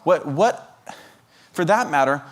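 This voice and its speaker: A man's voice: a little high, animated, takes it slowly. A man preaching a sermon as a guest preacher, firing off repeated rhetorical questions and stumbling over restarts as he presses his point. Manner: restarts and stammered repetitions when pressing a point.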